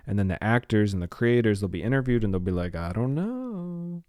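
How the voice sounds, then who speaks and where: A man with a low voice and a slight lisp hosts his solo podcast in a casual, rambling way. He wanders off topic, then steers back. The sound is close and dry. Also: quick pace, a little mellow, no room sound. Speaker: podcast host.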